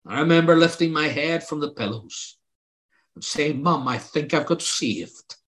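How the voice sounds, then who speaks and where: Older guy preaching, earnest and pleading, voice a bit higher than most men. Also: measured pace, fairly bright tone. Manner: earnest, pleading, rising to emphatic outbursts. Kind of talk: sermon with personal testimony.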